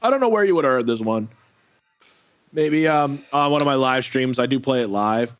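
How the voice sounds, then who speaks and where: A man's voice: mid-range voice, expressive, normal speed, slight background noise. A man in a casual interview chat, rambling with many fillers and restarts over a video call. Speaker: musician guest. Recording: dull lo-fi audio.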